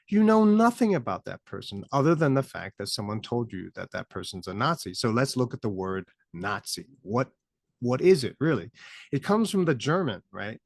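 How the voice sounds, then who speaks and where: A man's voice: mid-range voice, dry recording, clean studio sound. A man hosting his own commentary show, talking casually and asking rhetorical questions as he goes. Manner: conversational, rhetorical questions, frequent "right?". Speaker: podcast host, former teacher.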